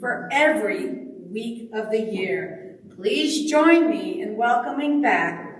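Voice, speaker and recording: A woman's voice: a little high, expressive, slow pace. A woman introducing the guest minister at a church service, with friendly chuckling asides. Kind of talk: reading a speaker introduction. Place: church sanctuary. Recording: distant mic in echoey hall.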